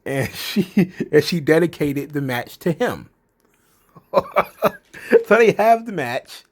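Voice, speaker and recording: A man's voice: fairly high pitch, big pitch swings, slow. A man hosting a casual commentary vlog, laughing often and talking loosely with profanity.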